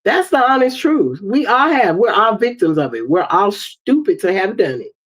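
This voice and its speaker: A woman in her fifties with an African American English accent, hosting a livestream and telling stories in an animated way, acting out the dialogue. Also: medium pitch, moderate pace. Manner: animated storytelling, acts out dialogue. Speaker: livestream host. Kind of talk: casual livestream monologue. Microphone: streaming setup mic.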